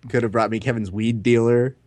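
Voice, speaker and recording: This podcast co-host, a man in his thirties, has a medium-pitched voice and a brisk pace, recorded dry. Chatting casually, he spins lively stories, performs the quoted lines, and lets the occasional swear word slip.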